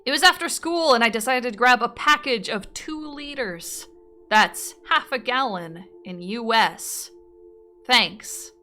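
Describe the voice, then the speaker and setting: A woman streamer reading out viewer confessions and reacting in an animated way, often breaking into laughter and swearing freely. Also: fairly high pitch, measured pace, soft background music. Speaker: streamer host.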